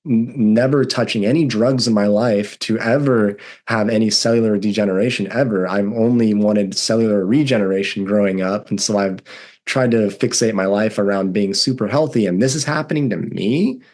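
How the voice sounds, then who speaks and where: A man in his thirties with a fairly low voice speaks as a guest. He tells his story candidly, in an earnest and emphatic way, leaning into the strong feelings he describes. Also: normal speed, a little mellow. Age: 30s.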